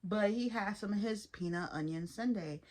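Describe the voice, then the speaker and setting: A woman chatting casually to her viewers as she reviews a cartoon episode, lively and informal. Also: mid-range voice, moderate pace. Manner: chatty, animated, addresses viewers as y'all. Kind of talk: casual commentary.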